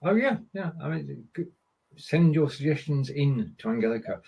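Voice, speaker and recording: Husky-voiced man hosting a casual chat. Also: a little high, expressive, moderate pace, darkish tone, highs cut off. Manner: chatty, reads German sentences hesitantly. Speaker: podcast host. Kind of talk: casual chat, language lesson.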